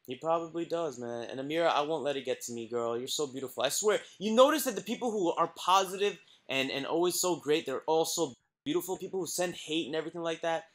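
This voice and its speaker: A man's voice: on the high side, quick pace. A man talking on a livestream clip, self-pitying and pleading. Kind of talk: livestream talk played as a clip.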